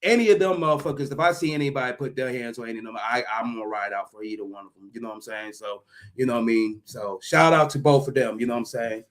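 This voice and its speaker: A man's voice: medium pitch, quick pace. A man telling a story in casual, profane chat, acting out sound effects and voices and laughing often. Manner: profane, slangy. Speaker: podcast co-host.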